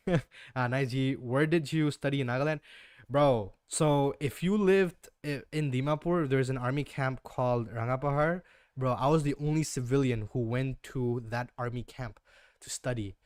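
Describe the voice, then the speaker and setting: A man's voice: mid-range voice, moderate pace, no room sound, studio quality. A young man from Northeast India with an Indian English accent, chatting casually and slangily as a livestream trading host. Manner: slangy, relaxed, keeps saying "bro".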